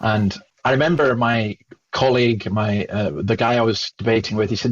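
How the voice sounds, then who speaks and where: A man with a Scottish accent, a guest telling a lively story and acting out the dialogue he remembers. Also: on the low side, moderate pace, highs cut off. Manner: animated, acts out remembered dialogue. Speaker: Christian speaker and guest. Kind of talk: storytelling in conversation.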